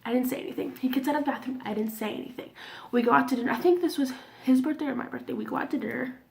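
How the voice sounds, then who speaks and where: A woman's voice: high-pitched, rapid-fire, vocal fry, darkish tone. A woman in her twenties telling a personal story to camera in a casual, candid way, swearing freely and sometimes dropping almost to a whisper. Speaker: vlogger.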